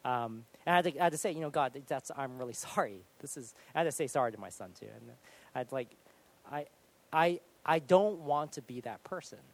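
Animated, higher-voiced man preaching. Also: brisk, gravelly. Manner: animated, self-deprecating storytelling with sudden loud acted outbursts. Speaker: pastor. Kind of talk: sermon with personal story.

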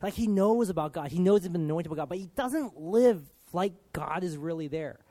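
A man preaching in a relaxed, conversational way, his voice sitting a little high for a man. He talks earnestly with lots of casual filler, pushing some lines out loud and dropping others to a hush. The sound is close and dry, with no room echo. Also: brisk.

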